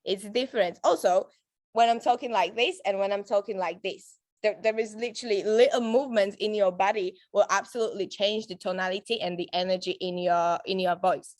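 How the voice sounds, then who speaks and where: Speaking a little fast with hardly any pauses, this network marketing trainer has a mid-range, darkish voice and fairly even intonation on a dry recording. Her casual, upbeat team training is chatty, full of laughter, fillers, and restarts.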